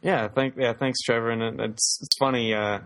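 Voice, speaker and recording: An easygoing man co-hosts a podcast in relaxed, casual chat. He agrees readily and laughs along with his partner. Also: medium pitch, moderate pace. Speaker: podcast co-host.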